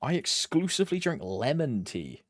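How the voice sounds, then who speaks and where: A young man from Britain talks casually to his stream chat, rambling from one thought to the next and humming softly between lines. His pitch swings widely up and down. The sound is dry and close, with no room echo. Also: very animated, normal speed. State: allergies flaring up.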